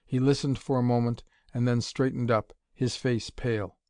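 A man's voice: medium pitch, fairly even intonation, normal speed, mellow, dry recording. Dry-sounding male audiobook narrator. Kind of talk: scripted narration.

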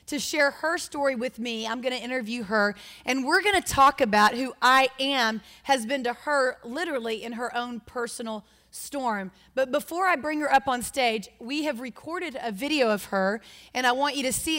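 A woman speaks from a church stage, chatty and talking straight to the audience. Her voice sits somewhat high for a woman. The hall around her adds a lingering reverb. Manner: warm, chatty, addressing the audience directly. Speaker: women's Bible study leader. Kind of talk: church teaching and interview introduction.

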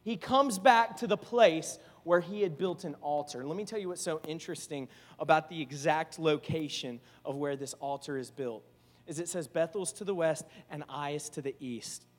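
A man with a high, light voice delivers a conversational sermon in a large, echoing hall. His delivery is animated, and he slips into acted-out voices for quoted speech before returning to plain teaching. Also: moderate pace. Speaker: preacher.

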